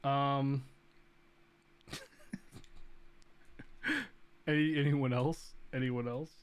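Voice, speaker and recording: Male host for a relaxed gaming talk show, mid-pitched, loose and meandering delivery, faint hiss. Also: slow. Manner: rambling, many fillers. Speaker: podcast host. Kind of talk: casual gaming chat.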